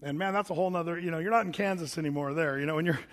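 A man's voice: a little high, rapid-fire, big-room sound. A man preaching a sermon in a chatty, rambling way, full of fillers and restarts. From United States. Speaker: pastor.

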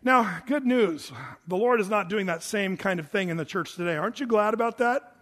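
Man, pastor, sermon, high voice, long reverb of a church sanctuary, chatty and emphatic. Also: a little fast, a bit bright. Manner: conversational, rhetorical questions, emphatic.

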